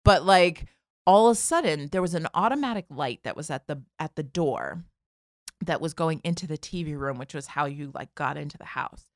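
A woman in her forties tells a comic story in a lively, chatty way, leaning on "like" and acting out each voice. Her voice sits a little low, and it is recorded close and dry with no room sound. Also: moderate pace, dry recording. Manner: animated, lots of "like", acts out voices. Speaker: podcast guest telling a story. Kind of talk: casual comedic storytelling.

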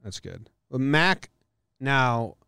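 Easygoing podcast guy, rambles, laughs a lot, smooth clear voice, dry close mic. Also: medium pitch, animated, extremely slow, bright, forceful tone, dry recording. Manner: laid-back, rambling, laughs often. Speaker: podcast host. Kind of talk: casual chat. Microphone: studio mic.

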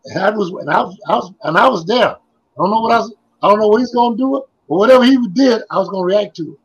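An older man with a husky, breathy edge to his voice that sits higher than most men's. He tells his stories as a guest in a casual interview, circling back and repeating himself as he goes. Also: fast, muffled recording. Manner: rambling, repetitive storytelling. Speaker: guest, former basketball player.

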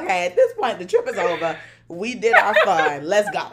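An American woman co-hosting a podcast, telling a travel story in animated casual chat, laughing often and acting out what people said. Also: mid-range voice, moderate pace, heavy background noise. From United States. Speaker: podcast co-host.

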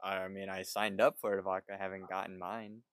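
A man's voice: deep voice, flat delivery, a little fast, no echo. A man co-hosting a podcast, chatting casually and swearing freely. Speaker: podcast co-host. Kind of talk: casual chat.

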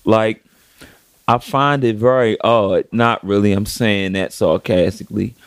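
A man's voice: lowish voice, steady tone, unhurried, smooth, dry recording, clean studio sound. A man co-hosting a casual podcast, speaking, telling stories emphatically. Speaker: podcast co-host. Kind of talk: casual chat.

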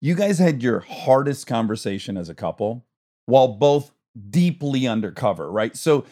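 A man hosting a relaxed interview podcast, his mid-range voice swinging widely and expressively. He talks with eager enthusiasm, laughing between thoughts. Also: medium pitch, moderate pace. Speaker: podcast host. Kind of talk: casual interview chat.

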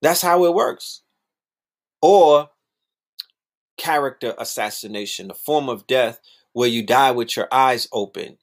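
A man talking in a casual, animated monologue, full of slang and repeated phrases, sometimes mocking other people's voices. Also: medium pitch, measured pace, pauses often.

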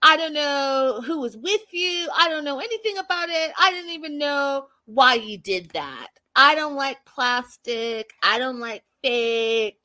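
A woman's voice: high voice, lively intonation, a little slow, hardly any pauses, pushed and bright, pitched above the performer's own voice, full character voice. A woman voicing a young man, an insecure and controlling boyfriend, as he protests with emphatic indignation. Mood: indignant.

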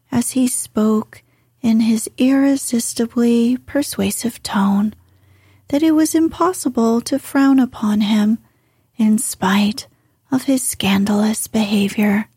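A woman reading a classic novel aloud in a soft, slow whispered role-play. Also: fairly high pitch, dry recording, studio quality. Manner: soft, slow, breathy narration. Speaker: audiobook reader.

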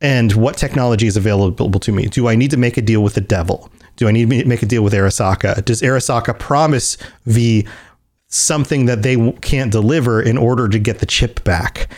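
A man's voice: medium pitch, brisk, a little mellow. A man co-hosting a casual podcast, talking in a rambling way with many restarts, laughing as he acts out scenes. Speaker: podcast co-host. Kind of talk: casual chat.

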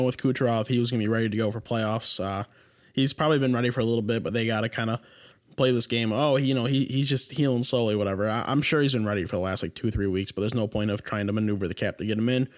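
A man's voice: mid-range voice, fairly even intonation, fast. A man co-hosting a casual sports podcast, sounding stuffed up and congested, with a laid-back, rambling way of talking. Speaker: podcast co-host.

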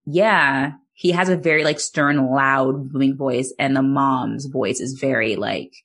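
A woman's voice: rumbling low, steady tone, a little slow, a bit bright, slightly rough. A woman co-hosting a podcast, recapping a film in loose casual chat full of "like"s and the odd swear word. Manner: chatty, many "like"s, swearing, laughs easily. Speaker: podcast co-host.

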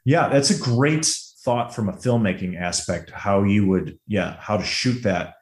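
A man's voice: lowish voice, unhurried, echoey room. A man co-hosting a casual movie podcast, talking enthusiastically and laughing as he retells favorite scenes. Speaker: podcast co-host.

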